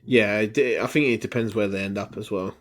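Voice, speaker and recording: A man's voice: fairly low pitch, fairly even intonation, brisk. A man with an English accent co-hosting a podcast, chatting casually in a mumbling, sweary banter. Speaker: podcast co-host. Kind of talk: casual chat.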